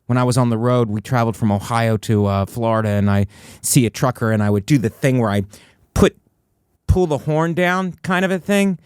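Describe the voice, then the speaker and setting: A man hosting a solo comedy podcast in a studio, delivering mock-motivational rants that jump from high excited bursts to low, flat asides. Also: brisk, clean tone, no echo. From United States.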